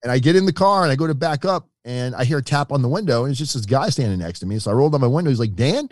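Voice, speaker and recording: A middle-aged man, guesting on a podcast, races through his own story in an interview, animatedly imitating the voices of the people in it. His voice sits in the mid range. The audio is studio quality with no room sound.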